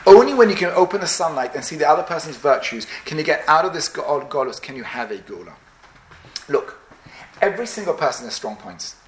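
Rabbi guy preaching, high bright voice, emphatic storyteller, echoey room. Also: very animated, brisk. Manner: storytelling, emphatic, dramatic swings. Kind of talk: sermon.

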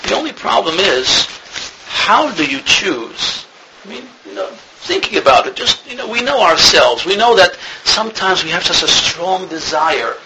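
Gravelly earnest rabbi lecturing. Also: male voice, high voice. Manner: earnest storyteller, grows louder and more emphatic. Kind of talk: religious lecture. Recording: noisy recording with clicks.

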